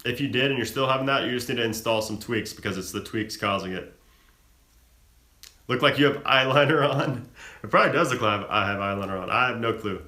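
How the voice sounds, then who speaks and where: A young man hosting a live stream, casually reading and answering viewer questions with a relaxed, chatty manner and plenty of fillers. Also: mid-range voice, a little fast, roomy sound. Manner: relaxed, chatty, frequent fillers and self-laughs.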